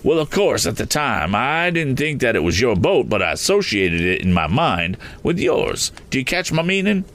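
Man doing a flustered eccentric gentleman. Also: mid-range voice, big pitch swings, normal speed, hardly any pauses, pitched above the performer's own voice. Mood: rambling. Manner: flustered, rambling, keeps exclaiming oaths. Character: fussy excitable eccentric gentleman motorist.

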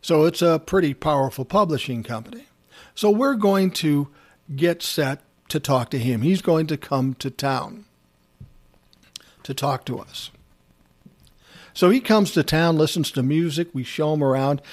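A man telling a story from his days as a music manager, in a relaxed and plain-spoken way. His voice sits a little higher than most men's, and he talks bluntly. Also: a little slow. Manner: conversational, blunt, swears freely. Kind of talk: casual personal storytelling.

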